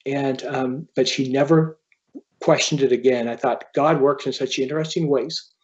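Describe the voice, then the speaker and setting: An author telling a personal story as a podcast guest, in an earnest, halting way. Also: male voice, medium pitch, fairly even intonation, a little mellow, dull audio. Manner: earnest, halting, quoting others as he tells a story.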